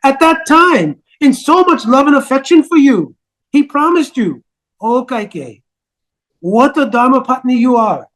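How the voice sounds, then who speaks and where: A man putting on a scheming old nursemaid, manipulative and bitter, low insinuating scolding, high tone, storytelling epic. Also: lively intonation, a little slow, fairly bright tone, exaggerated voice. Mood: urging.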